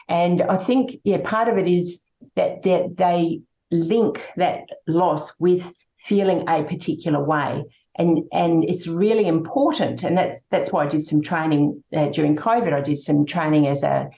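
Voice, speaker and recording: Woman, grief coach, low mellow voice, hesitant and reflective; echoey lo-fi room. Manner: reflective, hesitant with many fillers. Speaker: grief and happiness coach, guest. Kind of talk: conversational interview. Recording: echoey room, dull lo-fi sound.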